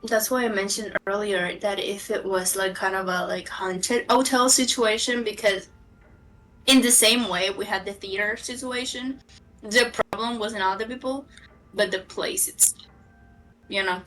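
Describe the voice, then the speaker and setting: A woman's voice: mid-range voice, steady tone, a bit bright, soft background music. A woman player chatting hesitantly, with many restarts. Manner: hesitant, halting. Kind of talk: casual chat among tabletop players. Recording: distant from the mic.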